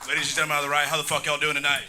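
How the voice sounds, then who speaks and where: A man's voice: a little high, monotone, rapid-fire. A man in his twenties doing a brash, crude stand-up set in a comedy club. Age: 20s. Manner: brash, crude, crowd-baiting. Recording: live club with audible room noise.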